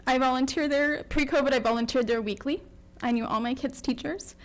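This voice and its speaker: Woman parent at school board mic, fairly high voice, near tears, halting and apologetic. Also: fairly even intonation, low-quality recording. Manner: emotional, tearful, apologetic, halting with many ums. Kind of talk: public comment.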